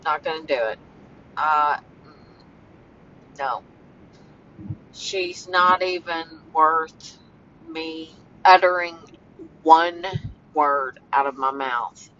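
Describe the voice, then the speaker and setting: A woman vlogging casually while walking home outdoors, talking in a slow, halting way that turns emotional. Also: sits low, a bit bright. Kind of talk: casual vlog talk. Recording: dull phone audio with faint outdoor noise.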